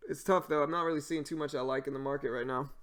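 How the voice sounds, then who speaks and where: A man's voice: on the high side, fairly even intonation, very fast, fairly bright tone. A man with a Cajun accent, chatting casually on a live stream as he answers viewers and explains trading. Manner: explains while answering chat, loose fillers.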